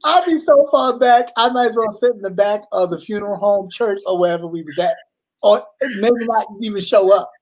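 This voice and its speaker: Man telling animated stories. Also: high voice, brisk, poor audio. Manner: animated storyteller acting out family voices; swears freely. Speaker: co-host. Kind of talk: casual chat.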